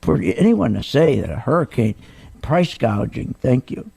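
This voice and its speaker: Ranting gravelly radio host man. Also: medium pitch, expressive, moderate pace, a little mellow. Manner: indignant, incredulous ranting with rhetorical questions. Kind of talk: animated talk radio monologue.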